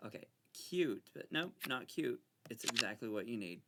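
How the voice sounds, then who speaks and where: A man casually commenting on a card game, excitable and mock-frightened, bickering back and forth as he plays. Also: medium pitch, normal speed, vocal fry, hardly any pauses, noisy background. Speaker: channel host playing solitaire.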